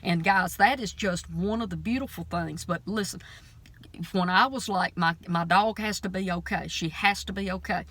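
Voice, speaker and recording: A woman's voice: fairly low pitch, normal speed, a bit bright. A middle-aged woman telling a story in a casual faith vlog, earnest and emphatic, with a preacher's fervor. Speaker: preacher and vlogger. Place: out running errands between stores.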